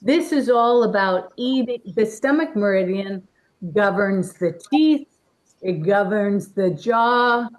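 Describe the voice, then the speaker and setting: A woman leads an energy-healing workshop with an unhurried, gentle delivery. She speaks warmly to a participant, encouraging and guiding her step by step from an indoor event room. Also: mid-range voice, animated, low-quality recording. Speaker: workshop presenter.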